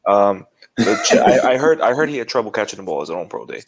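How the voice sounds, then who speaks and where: A man co-hosting a casual podcast, talking in a halting, playful way with frequent restarts. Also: fairly low pitch, big pitch swings, a crowd in the background, poor audio. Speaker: podcast co-host.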